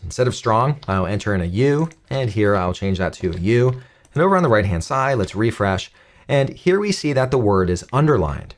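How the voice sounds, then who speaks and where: A man giving a calm, step-by-step screen-recorded coding tutorial. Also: mid-range voice. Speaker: coding instructor.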